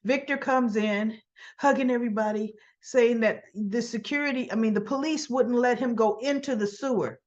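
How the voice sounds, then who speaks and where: A woman's voice: a little high, normal speed, a little mellow, lo-fi sound. A woman hosting a casual recap, retelling scenes in a chatty way with quoted lines and her own asides. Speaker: soap opera recap host.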